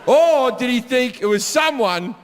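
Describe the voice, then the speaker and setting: A man performing a stand-up comedy set on stage. He tells profane stories and mimics people in loud bursts. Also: extremely high pitch, expressive, measured pace, noisy background. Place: comedy stage before a live audience. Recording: live stage with long hall reverb and faint crowd ambience.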